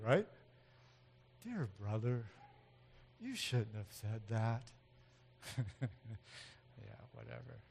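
A man preaching a sermon in an animated way, swinging from loud emphatic outbursts to quiet asides, with frequent chuckles. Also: mid-range voice. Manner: chuckles often between points. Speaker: pastor.

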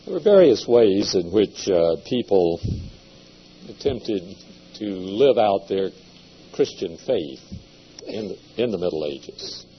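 A man giving a seminary lecture in a measured, deliberate way, with occasional hesitations. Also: lowish voice, big pitch swings. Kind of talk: classroom lecture. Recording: dull lo-fi lecture recording with faint hum.

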